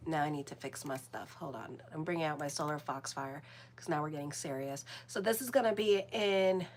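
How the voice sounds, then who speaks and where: A woman hosts her astrology channel, talking in a loose, chatty, rambling way and swearing bluntly. Her voice sits a little low, with a faint hum behind it. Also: brisk, darkish tone. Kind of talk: casual horoscope monologue.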